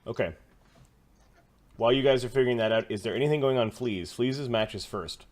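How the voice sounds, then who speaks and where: A man's voice: mid-range voice, fairly quick. A man acting as game master for a tabletop game, narrating playfully and checking in with the players.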